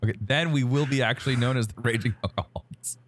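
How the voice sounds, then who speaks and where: A man's voice: mid-range voice, quick pace, a little hiss or hum. A man co-hosting a casual podcast, wry and teasing, rambling through his thoughts. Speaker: podcast co-host.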